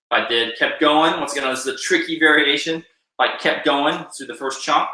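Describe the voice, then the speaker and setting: A male percussion instructor talks through a live online lesson, counting beats aloud and encouraging the players. The room around him rings with echo, and drumming plays loudly behind his voice. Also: on the high side, brisk, over music.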